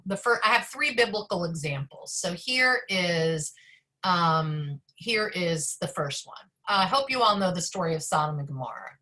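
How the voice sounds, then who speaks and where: A woman rabbi leading an online study session over a video call, talking fast and chatty with many fillers and asides. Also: lowish voice, lively intonation, pushed and bright.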